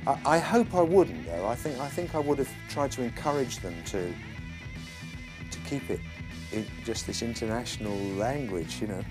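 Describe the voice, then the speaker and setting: A man, a musician, musing aloud in an interview with an amused, chuckling manner. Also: medium pitch. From England. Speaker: musician and producer. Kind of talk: interview commentary.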